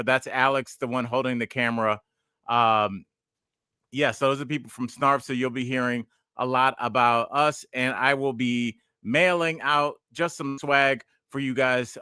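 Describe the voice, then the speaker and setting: Bright, clear-voiced male podcast host. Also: mid-range voice, no room sound, clean studio sound. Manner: rambling, digressive storyteller. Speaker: podcast host and stand-up comedian. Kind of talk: casual podcast chat.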